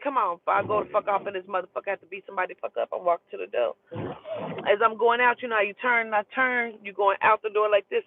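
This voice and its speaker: A woman telling a heated, profane story in an emphatic, animated way. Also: fairly high pitch, no room sound. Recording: tinny phone-like sound.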